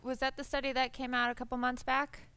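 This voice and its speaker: Woman panelist, brisk conversational talk, bright tone. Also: high voice, little pitch movement, clear, resonant tone. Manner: brisk, conversational, frequent restarts. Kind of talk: public forum discussion.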